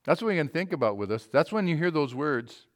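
A male preacher delivers an emphatic sermon to his church congregation in a slightly high, sing-song voice at a brisk pace. He poses questions to the listeners and shifts between loud and quiet passages.

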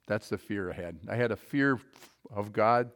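A male preacher giving a sermon to a congregation in a church, emphatic, putting questions to the listeners and moving between loud and quiet passages. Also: lowish voice, moderate pace.

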